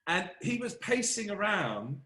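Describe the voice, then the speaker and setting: Animated self-deprecating male storyteller. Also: sits high, measured pace, roomy sound. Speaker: film composer, interview guest. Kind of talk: casual interview conversation.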